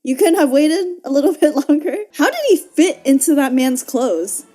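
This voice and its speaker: A young woman chats her way through a movie reaction, laughing a lot, swearing freely and calling out to the characters. Her voice is high but mellow in tone, with faint music underneath. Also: animated, moderate pace. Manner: chatty, laughs often, swears, talks to the characters. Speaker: reaction video host. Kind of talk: casual movie reaction commentary.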